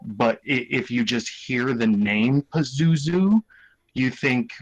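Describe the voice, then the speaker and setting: A man co-hosting a casual podcast chat, talking in halting bursts full of ums and restarts. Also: medium pitch. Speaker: podcast co-host. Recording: dull lo-fi audio.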